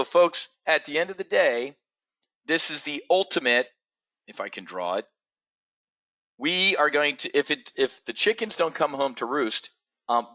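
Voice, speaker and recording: A man's voice: mid-range voice, pushed and bright. A middle-aged man hosting a live trading show, giving blunt, profane market commentary and answering viewers by name. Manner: addresses viewers directly by name.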